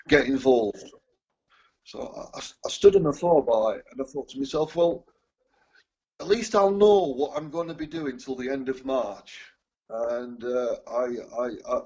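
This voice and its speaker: A man from England, sharing his recovery story with a group in a halting way, often repeating words and chuckling. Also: medium pitch, darkish tone, husky, muffled recording. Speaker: recovery speaker. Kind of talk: personal testimony to a group.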